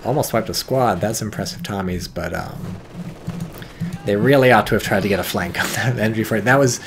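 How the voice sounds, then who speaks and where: A man giving casual, profane, excitable commentary on a strategy game match, with wry asides. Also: fairly low pitch, brisk, creaky, background noise. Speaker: game caster.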